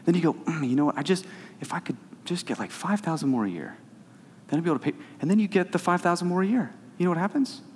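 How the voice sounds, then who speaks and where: A man's voice: a little high, animated, fast, big-room sound, slight background noise. A man preaching a sermon as pastor, conversational at times and rising to fervent emphasis.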